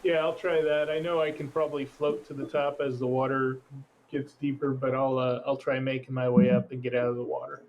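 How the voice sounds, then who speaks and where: A man playing a tabletop game, calmly describing what his character does. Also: medium pitch, a little fast, dull audio, slight background noise. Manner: calm, describes his actions in detail. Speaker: player. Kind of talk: casual tabletop play.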